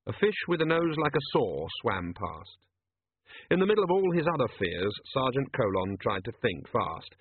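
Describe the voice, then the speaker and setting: A man narrating an audiobook in an unhurried, dry storytelling manner. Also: medium pitch, big pitch swings, husky, dry recording. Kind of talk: audiobook narration doing character voices. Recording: tinny lo-fi dry recording.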